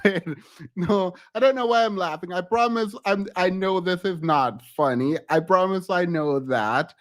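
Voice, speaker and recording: A man's voice: sits high, unhurried. A man doing casual celebrity gossip commentary on his own channel, giggly and hesitant, often breaking off mid-sentence and starting over. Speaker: YouTube commentator.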